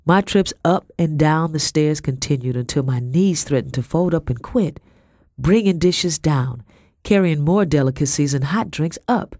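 A man giving steady, measured scripted narration of an audiobook. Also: fairly high pitch, no room sound, clean studio sound.

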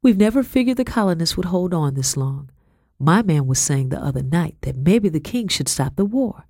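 A woman's voice: on the low side, expressive, normal speed, darkish tone, no echo, studio quality. A woman voicing a cheerful young mother who talks in a folksy way.

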